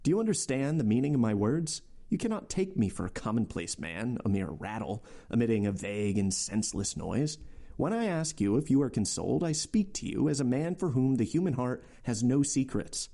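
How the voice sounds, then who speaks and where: A man's voice: mid-range voice, sing-song, brisk, creaky, mellow. A man voicing the Count, a worldly and commanding nobleman, in a raised, sweeping voice. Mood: intense.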